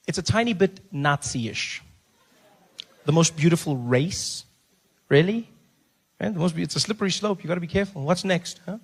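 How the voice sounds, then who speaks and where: A man doing a stand-up comedy set, animated, slipping into other people's voices and shouting at the audience from a club stage. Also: fairly high pitch, husky. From South Africa.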